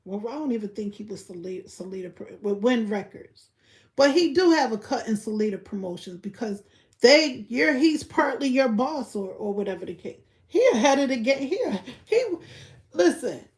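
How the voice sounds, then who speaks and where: A young woman giving blunt, profane gossip commentary on a live stream, repeating her points and breaking into loud laughter. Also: fairly high pitch. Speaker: livestreamer.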